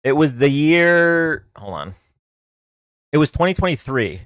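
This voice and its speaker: Male livestream host; smooth, rambling storyteller with lots of fillers, dry close sound. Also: on the high side, big pitch swings, a little slow, fairly bright tone, dry recording. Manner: rambling, filler-heavy, with frequent restarts. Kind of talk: casual storytelling.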